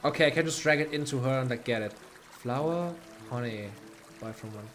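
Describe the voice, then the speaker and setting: A man's voice: mid-range voice, normal speed, a bit bright. A man with a German accent chatting casually while playing a game, thinking aloud and laughing often, with faint game music behind. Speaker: streamer. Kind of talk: casual gameplay commentary.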